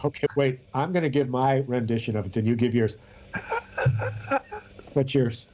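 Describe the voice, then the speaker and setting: Man, podcast co-host, casual rambling chat, mid pitch, dull lo-fi audio. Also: fairly even intonation, moderate pace, dark tone, a little hiss or hum. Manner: rambling, restarts often, storytelling.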